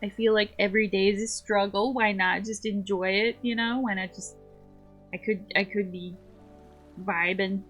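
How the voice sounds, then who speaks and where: A woman's voice: mid-range voice, fairly even intonation, moderate pace, a bit bright, soft background music. A woman streaming a game, chatting casually in a playful, rambling way. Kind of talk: casual gameplay chat.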